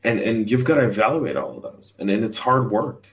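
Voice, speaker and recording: A man's voice: on the low side, very animated, a little fast. A man giving blunt, emphatic career advice on a live chat show as hiring leader. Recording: voice distant from the mic.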